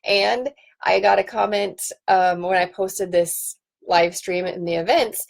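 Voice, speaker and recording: A woman's voice: mid-range voice, fairly even intonation, measured pace, creaky. A woman in her thirties hosting a casual home live stream, chatting in a rambling way with ums and restarts, into a computer webcam. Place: home office.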